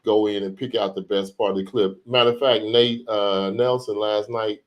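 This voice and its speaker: A hoarse man co-hosting a relaxed DJ podcast. He talks emphatically, draws out his exclamations and laughs easily between points. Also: lowish voice, moderate pace, dull audio. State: hoarse from a flu. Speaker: podcast co-host, DJ. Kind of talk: casual chat.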